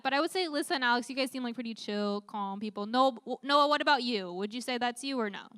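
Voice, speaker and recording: A woman's voice: fairly high pitch, bright, forceful tone, smooth, no echo, studio quality. A young woman leading a youth group Bible talk, upbeat, often putting questions to the teens. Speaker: youth leader.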